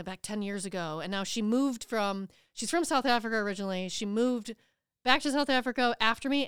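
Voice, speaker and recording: Chatty woman with a very clear voice. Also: on the high side, a bit bright, no echo, studio quality. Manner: rambling, many fillers and restarts. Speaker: podcast guest, travel planner. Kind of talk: casual podcast chat.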